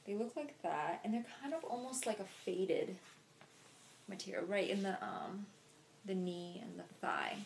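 A woman's voice: mid-range voice, expressive, a little slow, creaky, a little hiss or hum. A young woman chatting casually through a shopping haul, talking to camera with lots of "like" and "um". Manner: chatty, filler-heavy. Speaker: vlogger.

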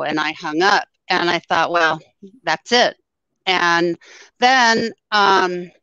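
A woman guest telling a personal story in a halting way, full of ums, her voice scratchy after surgery. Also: fairly low pitch, bright, forceful tone, smooth, no room sound. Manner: halting, with many ums and pauses. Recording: dull, lo-fi sound.

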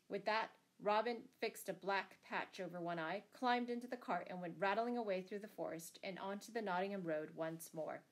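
A woman reads a classic storybook aloud at a steady, measured pace. Her voice sits in a middle pitch, and she gives the characters' lines only a light touch. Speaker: audiobook reader. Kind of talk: storybook narration.

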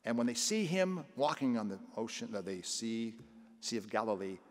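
Older priest giving a sunday sermon, chatty, voice ringing around a big church. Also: male voice, medium pitch, big pitch swings, moderate pace, darkish tone. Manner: conversational preaching, acting out scripture voices. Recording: long church reverb.

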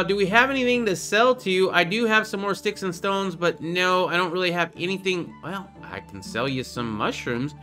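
A young man speaks in a high, sharp voice while playing through a game on his channel. The commentary is casual and playful, full of jokes and readings of the on-screen dialogue.

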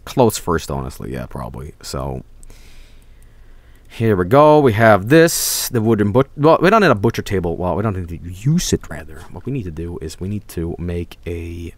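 A young man streaming a video game, excitable and swearing, often yelling at the characters on screen. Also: low voice, moderate pace, dry recording. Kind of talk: gaming livestream commentary.

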